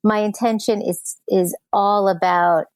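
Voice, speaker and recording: A woman's voice: medium pitch, fairly even intonation, unhurried, a little mellow, no echo. A woman guest on an interview podcast, earnestly explaining her work and laughing easily. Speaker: guest, speech app founder. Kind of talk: conversational interview.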